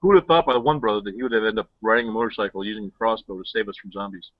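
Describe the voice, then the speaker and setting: A man's voice: on the low side, rapid-fire, dry recording. A man co-hosting over a video call, hot and sweaty, laid-back and joking with swearing. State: overheated, sweating. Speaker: co-host. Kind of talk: casual chat. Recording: dull lo-fi call audio.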